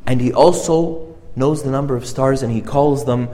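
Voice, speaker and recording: A man preaching a conversational sermon, earnest and halting, often repeating and restarting his phrases. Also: mid-range voice, mellow. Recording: reverberant hall.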